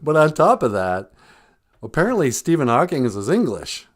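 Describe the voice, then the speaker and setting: Male comedy podcast host, deadpan and rambling, animated pitch. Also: moderate pace. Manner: rambling, deadpan, mock-earnest. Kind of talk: deadpan satirical comedy monologue.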